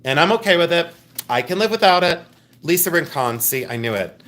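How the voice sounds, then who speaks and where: A man's voice: fairly high pitch, very animated, brisk, sharp tone. A man hosting a live jewelry sale stream, talking in a chatty, rambling, jokey way and showing affection toward his viewers. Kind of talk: casual live sales stream.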